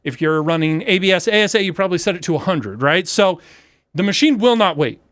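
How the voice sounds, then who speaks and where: A man with a slightly high voice, recorded close and dry with no room sound. He talks through a casual tutorial, excitable and rambling with fillers, often running himself down. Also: fairly quick, no echo. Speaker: maker video host. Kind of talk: casual screen-share tutorial.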